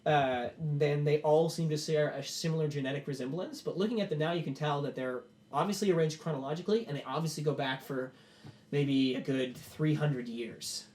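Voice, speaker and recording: A man's voice: on the high side, brisk, a little mellow, roomy sound. A man running a tabletop game as game master, narrating the scene in a loose, filler-heavy way.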